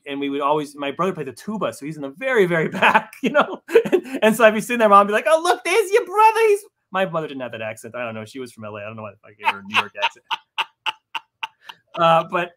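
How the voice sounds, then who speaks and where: A fairly high, bright male voice with a forceful tone belongs to a comic book writer appearing as a guest in a casual interview chat. He stutters through lots of restarts and speaks about himself in a self-deprecating way.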